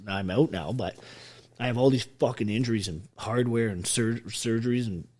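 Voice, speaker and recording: A man's voice: mid-range voice, moderate pace, darkish tone. A man from Ontario, an army veteran telling his story as a podcast guest, blunt and emphatic with constant swearing. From Ontario, Canada. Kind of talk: casual interview storytelling.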